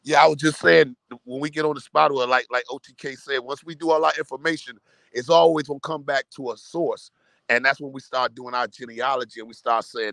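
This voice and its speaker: A man's voice: mid-range voice, fairly even intonation, a little fast, creaky, bright, forceful tone, no room sound. A man in casual group discussion, talking loosely in slang and building long metaphors. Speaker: truck driver and caller.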